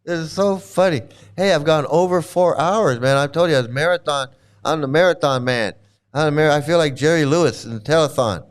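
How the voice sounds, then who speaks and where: A man's voice: a little high, brisk, clean tone. A middle-aged man hosting a livestream, ranting in a mocking, profane way, laughing often and repeating himself. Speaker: livestream host.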